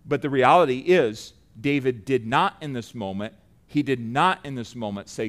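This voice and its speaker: A middle-aged man preaching a sermon, earnest and building to loud emphatic peaks. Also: mid-range voice, moderate pace.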